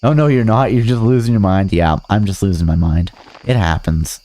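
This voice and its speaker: A man's voice: fairly low pitch, normal speed, mellow, a little hiss or hum. A man streaming a farming game, chatting to viewers in a goofy, rambling way with silly sing-song bits. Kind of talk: casual gameplay commentary.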